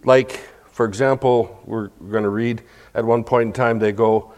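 A man's voice: fairly low pitch, moderate pace, darkish tone. A man preaching a sermon, explaining a scripture passage verse by verse, with asides to the congregation and acted-out crowd chants. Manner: acts out crowd chants and quotes.

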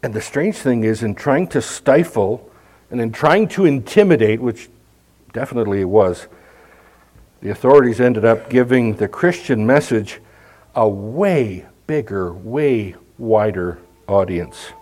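A man's voice: mid-range voice, lively intonation, measured pace, darkish tone, poor audio. A middle-aged male pastor preaching a conversational sermon, with emphatic scripture readings.

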